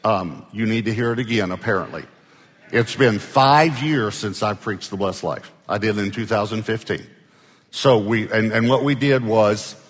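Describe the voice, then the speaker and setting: A man's voice: fairly low pitch, slightly rough. Man preaching, conversational, in a reverberant hall. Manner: conversational preaching, prompts the congregation to answer. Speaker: pastor. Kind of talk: sermon.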